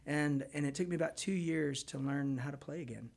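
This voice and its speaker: A man spins a rambling, animated yarn as a guest on a radio show. His voice is gravelly and sits a little high. He talks quickly and piles one clause onto the next. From Texas. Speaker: guest musician. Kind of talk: casual storytelling on radio.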